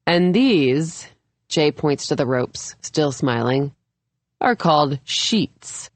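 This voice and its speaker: A woman reads a first-person thriller aloud at a slow, measured pace. Her voice sits low, and the close recording is dry, with no room around it. She lifts her tone a little for the characters' lines. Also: lively intonation, no room sound. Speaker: audiobook narrator. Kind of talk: scripted narration.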